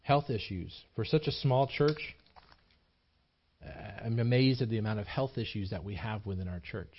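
A man's voice: lowish voice, moderate pace, slightly rough, highs cut off. A man preaching a sermon in a small church, earnest and emphatic, repeating himself as he builds his points. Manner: earnest, repetitive, emphatic delivery with frequent restarts. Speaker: pastor.

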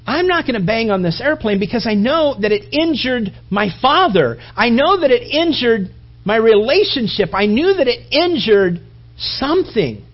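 A high-voiced man preaches a sermon with a husky edge. He tells his story in a lively way, acting out voices and sound effects. The recording is dull and lo-fi. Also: moderate pace. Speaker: pastor.

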